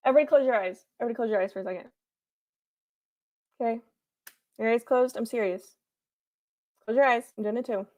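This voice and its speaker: Woman host, higher voice, home livestream, earnest repeated affirmations, playful. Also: fairly quick, pauses often. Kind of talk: encouraging pep talk to viewers.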